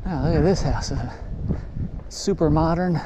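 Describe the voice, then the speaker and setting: A man's voice: on the high side, unhurried, heavy background noise. A man casually narrating a neighborhood walk, pointing out houses and cars and cooing to a cat. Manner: rambling, points things out, coos to a cat. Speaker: walking vlogger. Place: outdoors on residential streets.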